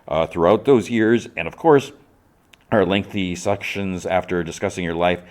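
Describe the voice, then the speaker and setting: A man's voice: deep voice, normal speed, darkish tone, natural voice. A man voicing a prim, pompous male agency psychologist on a podcast, talking in a stiff, formal way. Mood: clinical.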